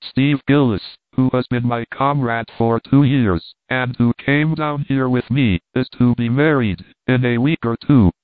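A man reading old letters and commentary aloud in a steady, measured way. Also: medium pitch, dry recording. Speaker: reader. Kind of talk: scripted narration of old letters. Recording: dry, tinny phone-like sound.

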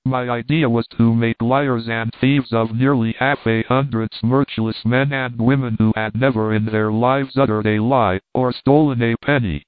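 A man reading the part of a scornful stranger who gloats over the town he has tricked, in a measured, mocking way. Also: mid-range voice, steady tone, smooth, no room sound, close to an everyday voice. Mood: gloating. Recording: dry, tinny phone-like sound.

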